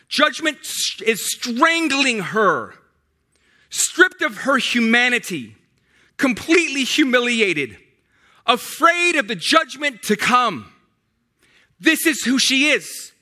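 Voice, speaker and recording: Very high, bright-voiced man preaching. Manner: emphatic and repetitive, with many restarts. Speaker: pastor. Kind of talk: sermon.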